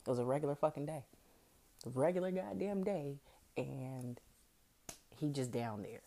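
A woman's voice: very deep voice, animated, moderate pace, mellow. A woman hosting a podcast, telling a personal story in a frank, profane, casual way, laughing often and acting out what people said. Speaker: podcast host.

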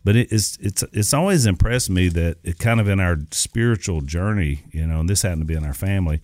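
A man's voice: deep voice, fairly quick, darkish tone, no echo, studio quality. A middle-aged man hosting a casual chat, talking in a loose, rambling way with many fillers. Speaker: host.

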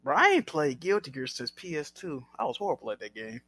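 A man co-hosting a casual gaming podcast, excitable and joking, swearing freely. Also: on the high side, a little fast, breathy edge, no echo. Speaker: podcast co-host.

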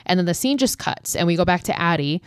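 A woman's voice: lowish voice, expressive, fast talker, smooth, dry recording, studio quality. A young woman hosting a podcast, recapping a film in a loose, chatty way with lots of filler words and casual swearing. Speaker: podcast host.

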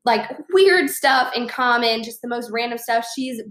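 A young woman from Chicago telling a travel story and giving social tips in a chatty, animated way with lots of fillers. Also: fairly high pitch, a little slow. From Chicago, USA. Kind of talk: casual storytelling to camera.

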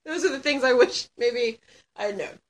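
A woman in her thirties, chatting casually as a guest and answering questions with lots of laughing, swearing and sudden shouts. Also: a little high, normal speed. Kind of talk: casual chat.

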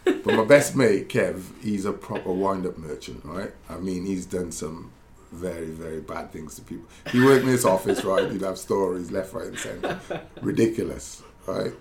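Lively former footballer telling stories. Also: male voice, low-pitched, moderate pace, creaky, few pauses, echoey room. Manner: animated storyteller, many restarts. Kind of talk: casual chat, storytelling.

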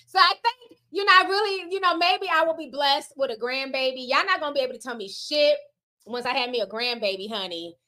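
A woman's voice: sits high, bright, forceful tone. A woman in her forties, raised in the United States, chatting casually on a livestream, reading viewer messages with slangy asides and frequent laughs. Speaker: livestream host reading super chats.

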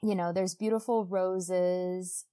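A woman co-hosting a casual book podcast, retelling a novel scene by scene. She keeps slipping into quick, playful quotes for the characters, with plenty of "like" and "you know" along the way. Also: on the low side, fairly even intonation, dark tone. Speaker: podcast co-host. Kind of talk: casual book-club chat.

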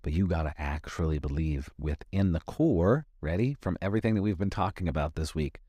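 A man's voice: low-pitched, fairly quick, dark tone, breathy edge, no room sound. A man hosting a motivational podcast, talking emphatically, repeating key lines for weight. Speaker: podcast host and life coach.

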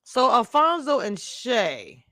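A woman's voice: a little high, big pitch swings, slow, sharp tone, dry recording, studio quality. A woman hosting a casual live stream, chatting straight to her viewers and laughing often as she talks. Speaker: live-stream show reviewer.

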